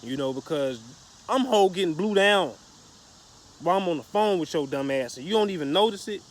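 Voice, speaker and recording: A man's voice: high-pitched, expressive, a little fast. Slangy, profane man telling a story. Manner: profane, slangy, rambling with restarts. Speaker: vlogger. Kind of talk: casual storytelling vlog.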